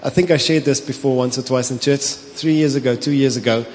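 A pastor with a South African accent, preaching a sermon, telling stories with animation, slipping into Afrikaans and laughing often. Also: male voice, mid-range voice, steady tone, brisk, a little mellow, slight background noise. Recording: long hall reverb with faint ambience.

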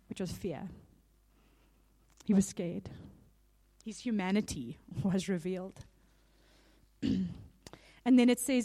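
A woman's voice: mid-range voice, dark tone. Woman preaching in a casual, storytelling way. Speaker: speaker. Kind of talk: conversational sermon.

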